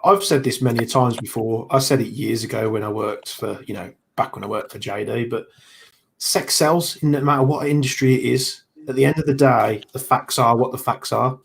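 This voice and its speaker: Gravelly man, blunt. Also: medium pitch, moderate pace. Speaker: co-host. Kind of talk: casual chat on a live stream.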